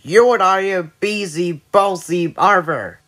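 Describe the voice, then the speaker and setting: A man voicing an excitable cartoon character who bickers with a witch in an animated, squabbling way. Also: high-pitched, unhurried, crowd noise. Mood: bickering. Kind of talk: cartoon voice acting.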